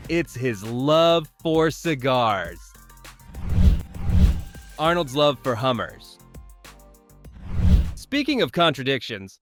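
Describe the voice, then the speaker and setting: A man's voice: mid-range voice, fairly bright tone. A man narrating a scripted commentary video in a wry, playfully sarcastic way, speaking straight to the viewers.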